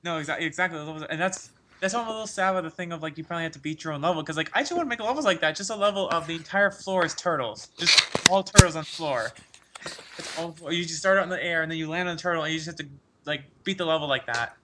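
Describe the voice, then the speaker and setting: A man in a casual podcast chat, excitable and rambling, laughing often as he talks about games. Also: a little high, rapid-fire, slight background noise. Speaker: podcast co-host.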